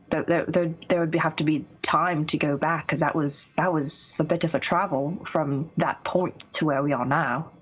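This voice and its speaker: A woman's voice: low-pitched, low-quality recording. A woman player earnestly arguing for a plan in a tabletop game, often repeating and restarting her words. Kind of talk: tabletop game strategy chat.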